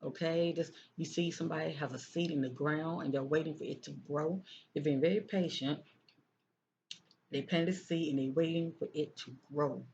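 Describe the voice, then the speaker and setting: The voice is mid-range and steady, with a darkish tone and a moderate pace, as a psychic casually reads tarot cards. Phrases repeat frequently, and the reader often checks in with "okay?". Faint noise sits beneath a dull, lo-fi recording.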